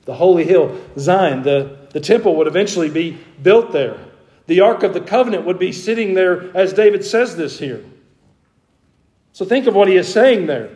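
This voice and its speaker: A man's voice: a little high, mellow. A man preaching a sermon as a pastor, reading scripture aloud and building up fervor as he speaks. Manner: preaching with rising fervor, quoting scripture in old wording. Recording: echoey room.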